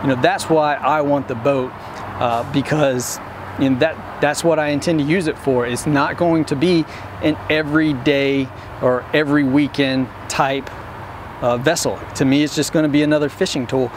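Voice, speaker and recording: Against background noise, a man with a Texan accent vlogs casually to camera about fishing in a slightly high, steady voice at normal speed. He's plainspoken and determined, rambling along with plenty of ums and restarts.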